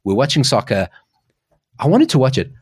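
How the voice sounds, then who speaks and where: A man's voice: mid-range voice, normal speed, slightly rough. A man from South Africa co-hosting a casual chat show, telling stories with lots of restarts and asides. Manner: animated, rambling storytelling with restarts. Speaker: podcast co-host.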